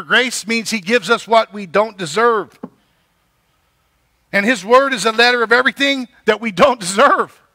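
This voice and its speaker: A man's voice: high-pitched, pushed and bright, no room sound. A male pastor preaching a sermon, building emphasis and checking in with the congregation. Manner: preaching with rising emphasis and repeated "right?".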